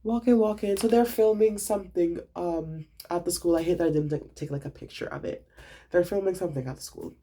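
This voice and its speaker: A young student vlogger tells his story with animated, over-the-top drama and plenty of swearing. His voice is dark and mellow, with a gravelly fry. It has a husky, slightly breathy edge. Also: high voice, a little fast. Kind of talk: casual storytime vlog.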